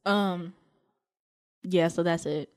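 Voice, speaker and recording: A woman's voice: fairly low pitch, steady tone, takes it slowly. A young woman co-hosting a student radio show in casual chat, giggly and full of fillers and restarts. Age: young adult.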